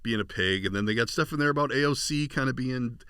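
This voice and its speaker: A man's voice: medium pitch, fast talker, clean tone, no echo, studio quality. A man in his forties, a podcast host and voice actor, chatting casually and acting out the people he quotes. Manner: animated storyteller, acts out quotes. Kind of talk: casual chat.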